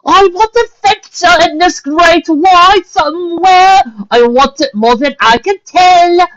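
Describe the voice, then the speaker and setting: A refined white mare speaks high and theatrical, full of indignant flourishes, as a woman reads her out in a storybook. Her lines leap up in pitch and swing widely, over a dull, lo-fi recording. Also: a bit bright, full character voice.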